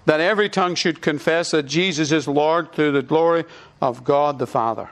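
A man's voice: fairly high pitch, moderate pace. Man preaching in a conversational tone. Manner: conversational teaching, repeats points for emphasis. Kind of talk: sermon.

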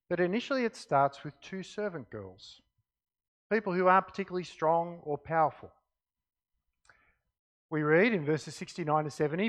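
A man delivers a sermon with a high voice. His pitch swings widely as he reads scripture and drives home each point. He often drops to quiet emphasis. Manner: expressive Bible reading, dropping to quiet emphasis. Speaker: preacher.

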